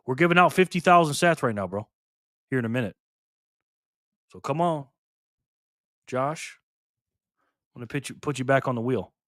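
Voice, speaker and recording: An older man hosting a casual live stream, reading comments aloud in a chatty, excitable way. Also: mid-range voice, normal speed, long pauses, no room sound, clean studio sound. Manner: chatty, excitable, laughs often.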